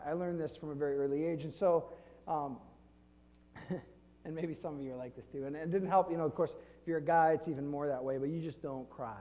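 Pastor, male, mellow tone, loose and self-deprecating delivery, long room reverb. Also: fairly high pitch, fairly even intonation, a little fast, highs cut off. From Flint, Michigan. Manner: conversational, self-deprecating with laughs. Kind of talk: sermon. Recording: long reverb in a large hall.

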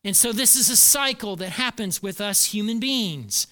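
Male pastor, middle-aged, bright and crisp, chatty sermon delivery with repeated lines. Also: high voice, lively intonation, moderate pace. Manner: conversational preaching, repeats key phrases for emphasis.

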